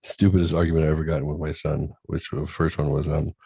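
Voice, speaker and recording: A middle-aged man hosting a crude, casual chat show, loud and laughing, often putting on high voices to mimic his kids. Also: level tone, quick pace, vocal fry, breathy edge, dry recording. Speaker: podcast host.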